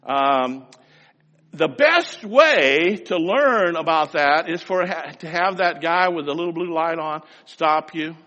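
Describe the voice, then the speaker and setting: A man's voice: on the high side, expressive, takes it slowly, pushed and bright, highs cut off. A man preaching a sermon, telling a homespun story in a folksy, anecdotal way before turning to scripture with emphasis. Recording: long hall reverb.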